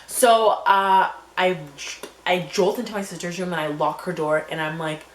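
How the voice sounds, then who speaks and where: A young woman telling a story on her vlog in a scattered, animated way, filled with fillers and acted-out quotes. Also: on the low side, moderate pace. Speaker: vlogger. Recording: echoey room with faint hum.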